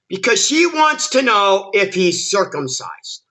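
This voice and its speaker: Guy with a high bright voice tearing apart a movie, cussing and tripping over his words. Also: very animated, measured pace. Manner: exasperated, swearing, many stammered restarts. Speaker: film reviewer. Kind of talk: ranting movie review.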